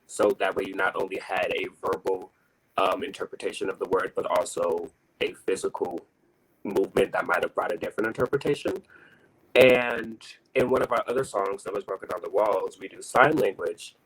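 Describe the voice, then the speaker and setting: A man who sings in a choir explains how his group built their choreography, speaking thoughtfully and haltingly over a video call. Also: low voice, fairly bright tone, husky, poor audio. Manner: thoughtful, halting, many fillers. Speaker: choir singer. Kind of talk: casual reflective explanation.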